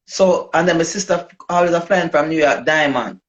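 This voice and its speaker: A woman with a Jamaican accent, a dancehall artist telling her story in a casual interview, animated and slipping into patois. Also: deep voice, normal speed. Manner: animated, switches into patois, acts out quoted voices. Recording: dull lo-fi recording.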